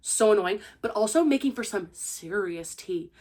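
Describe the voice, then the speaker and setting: A woman's voice: medium pitch, expressive, normal speed, darkish tone. A young woman giving a casual spoiler-filled book review, gushing and acting out the characters' lines with lots of "like". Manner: peppers her speech with "like".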